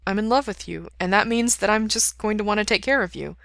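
A woman's voice: medium pitch, quick pace, creaky, a bit bright, no room sound, clean studio sound, pitched above the performer's own voice. A woman reading aloud and voicing an earnest, devoted young man who sounds eager and a little nervous.

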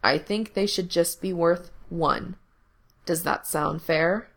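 A woman voicing a teasing, possessive young man in control, speaking low and murmuring close to the ear. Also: normal speed, gravelly, a bit bright. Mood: teasing, commanding.

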